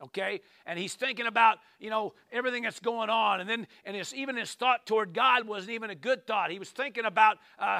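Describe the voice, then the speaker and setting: A man's voice: high voice, fairly quick, creaky, hardly any pauses, pushed and bright, no room sound. A man preaching a sermon, reading psalms aloud and breaking in with emphatic asides and calls of amen and hallelujah. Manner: reads scripture aloud with frequent asides.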